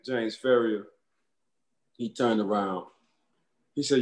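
A man, a former football player, telling animated stories in casual chat and laughing as he goes. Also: mid-range voice, a little slow, reverberant.

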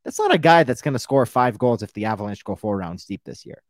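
A man with an American accent co-hosting a sports podcast in casual chat, rambling and animated, swearing freely. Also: mid-range voice, fast, dry recording, clean studio sound. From United States.

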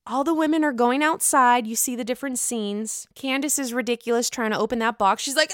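Woman host, sassy and profane recap chat, crisp dry voice. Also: a little high, normal speed, a bit bright, dry recording. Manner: sassy, profane, dramatic quoting of cast members. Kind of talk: casual chat, recapping episodes.

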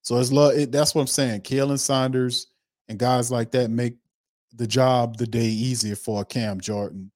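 A man hosting a sports podcast, talking in an animated, repetitive way. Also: mid-range voice, a little slow, no echo, clean studio sound. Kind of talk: casual sports commentary.

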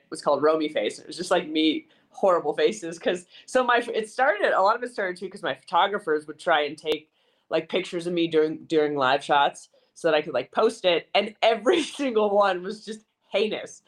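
A woman's voice: fairly low pitch, brisk. A woman in her thirties, a sports reporter and podcast guest, chatting in a bubbly, self-deprecating way. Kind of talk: casual chat.

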